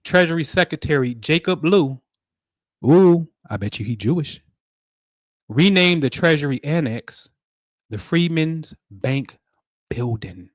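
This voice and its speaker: A man hosting a spiritual livestream, talking in animated, preachy street slang. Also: on the high side, unhurried, long pauses, no echo, clean studio sound. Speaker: livestream host.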